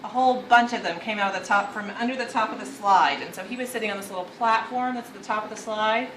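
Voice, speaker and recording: Chatty young mom with an echoey sound. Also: female voice, medium pitch, fast talker, fairly bright tone. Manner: chatty, rambling with fillers. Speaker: mother, family vlogger. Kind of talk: casual family vlog narration. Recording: echoey with faint background noise.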